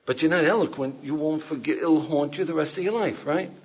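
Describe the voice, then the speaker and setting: A man's voice: fairly high pitch, brisk, background noise. An older man, a rabbi, giving an informal class, asking his students questions and acting out quotes. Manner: animated, asks the class questions, acts out quotes. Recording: dull lo-fi lecture recording.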